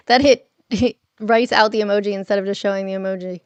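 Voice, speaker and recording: A woman's voice: medium pitch, level tone, moderate pace, pauses often, smooth, dry recording. A woman hosting a casual morning livestream from home, chatting with viewers and reading their messages aloud, laughing often. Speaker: livestream host.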